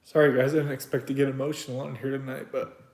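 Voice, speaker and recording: A man's voice: medium pitch, level tone, rapid-fire, a little mellow. A man hosting a casual live stream. He reads viewer comments aloud and talks candidly, swearing freely and often restarting his sentences. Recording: echoey room.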